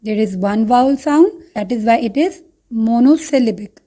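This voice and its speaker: A woman's voice: on the high side, expressive, moderate pace, mellow. A woman teacher with an Indian English accent, explaining a poem over slides step by step and repeating key points. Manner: addresses students as children. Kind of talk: online slide lesson.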